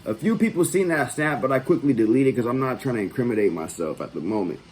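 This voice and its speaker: A man's voice: medium pitch, expressive, quick pace, a little mellow, slight background noise, rough recording. A man hosting his own channel, telling a personal story in a loose, profane, conversational way. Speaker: vlog host. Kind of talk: casual storytelling.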